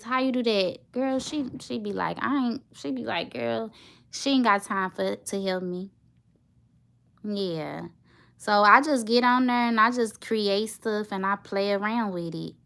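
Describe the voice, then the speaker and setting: A woman's voice: medium pitch, a bit bright. A woman in her thirties, a tired mother and vlogger, rambling casually to her viewers. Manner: rambling, chatty, talks straight to her viewers.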